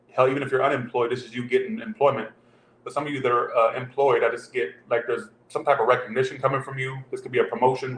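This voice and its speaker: A man at a middle pitch gives a loose, rambling tarot reading aimed right at his viewers. His voice carries a roomy echo over a faint background hum. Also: a bit bright. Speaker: tarot reader.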